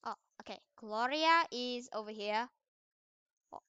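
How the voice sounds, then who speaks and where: A young woman giving casual commentary over a game she is playing, swinging between loud trash talk and quiet mumbled asides. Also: fairly high pitch, normal speed, clear, resonant tone, no echo, highs cut off. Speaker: gaming video creator.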